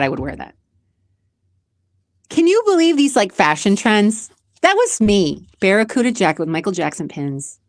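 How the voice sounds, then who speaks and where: A woman's voice: sits low, no echo, studio quality. A woman in her forties hosting a podcast, chatting casually and emotionally as she answers question cards, rambling with restarts. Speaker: podcast host.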